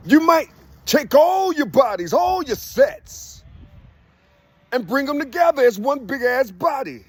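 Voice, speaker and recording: A man's voice: very high-pitched, big pitch swings, a little slow, dry recording. A man giving a loose spiritual monologue, preachy and slangy, with "you see" in nearly every line.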